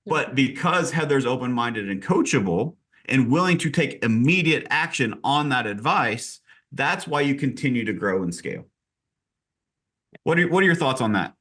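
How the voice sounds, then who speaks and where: A middle-aged man hosting a casual podcast interview, an animated storyteller who acts out conversations. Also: moderate pace, husky. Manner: animated storyteller, acts out dialogue with big pitch jumps. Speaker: podcast host and real estate coach.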